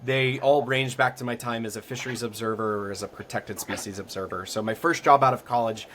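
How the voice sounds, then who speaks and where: A man's voice: medium pitch, a little fast, a little hiss or hum. Young adult man from Florida, a guest spinning casual, filler-heavy stories in an easy mid-range voice. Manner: rambling, full of ums and likes, livelier at the exciting parts. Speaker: podcast guest. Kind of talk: casual storytelling.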